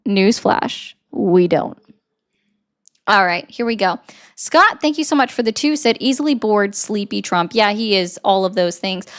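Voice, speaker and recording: A woman's voice: medium pitch, expressive, unhurried, fairly bright tone. A woman doing blunt, sarcastic political commentary on a livestream, reading and answering viewer comments. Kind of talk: casual live-stream commentary reading chat.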